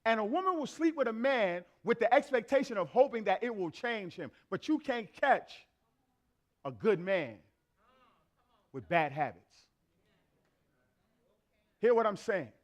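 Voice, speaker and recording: A man preaches a sermon to a church congregation, conversational and emphatic, repeating phrases for effect and acting out everyday exchanges. His voice sits high and is expressive, moving at a measured pace with long pauses.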